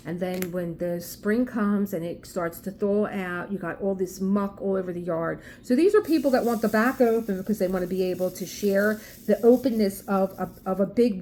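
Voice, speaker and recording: A woman with a South Philly accent talks casually on her craft vlog and tells a neighbor story in an indignant, emphatic voice. Her pitch sits in a middle range, and she often restarts her words as she pushes her point. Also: mellow, a little hiss or hum. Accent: Philadelphia. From South Philadelphia. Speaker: craft vlogger. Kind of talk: casual chat, telling a story.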